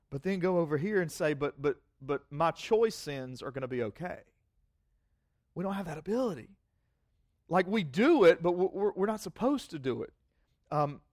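A man's voice: fairly high pitch, no room sound, clean studio sound. A man preaching a sermon, telling a personal story in a rambling, self-mocking way, often repeating words and acting out both sides of a conversation. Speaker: pastor.

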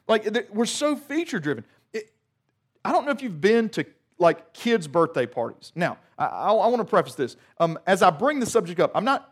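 A man delivers a sermon in a fairly high voice. He keeps it conversational, tossing in joking asides and restarting his sentences often. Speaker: pastor.

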